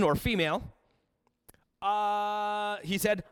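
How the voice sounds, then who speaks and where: A man's voice: sits high, animated, unhurried, smooth, dry recording, studio quality. A man preaching a sermon with casual, joking asides as he reads and explains scripture. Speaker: pastor.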